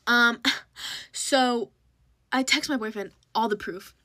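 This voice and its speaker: A woman's voice: on the high side, takes it slowly, pauses often, bright, forceful tone, no room sound. A woman telling a casual storytime, rambling with lots of fillers and acting out what people said. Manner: rambling, filler-heavy, acts out quotes.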